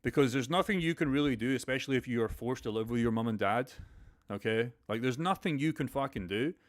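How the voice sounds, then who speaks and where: A man's voice: mid-range voice, fast. A young man hosting a crypto live stream, talking bluntly and profanely in a motivational way. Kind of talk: casual live stream chat.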